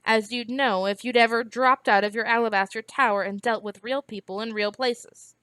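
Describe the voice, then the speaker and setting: A woman reading aloud, voicing a sharp-tongued woman healer who speaks mockingly and scornfully. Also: fairly high pitch, fairly even intonation, moderate pace, smooth, dry recording, close to an everyday voice.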